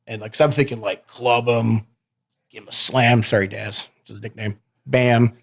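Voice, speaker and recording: A wrestler guest in a studio interview talks with a creaky, steady, mid-range voice at normal speed. His manner is loose and rowdy: frequent laughs, free swearing, and "babe" aimed at the host.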